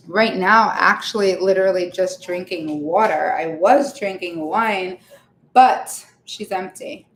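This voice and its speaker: A chatty woman with a lowish voice talks slowly as she bakes on a livestream from her home kitchen. She laughs a lot and drifts off with fillers, and the room is echoey with faint ambience.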